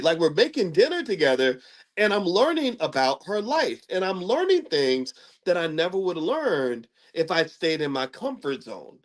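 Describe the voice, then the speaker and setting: A man's voice: on the high side, big pitch swings, normal speed. A middle-aged man hosting his own channel, telling a story in a casual monologue to camera. He stammers and repeats words, and he pokes fun at himself. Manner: self-mocking and humorous. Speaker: commentator and channel host.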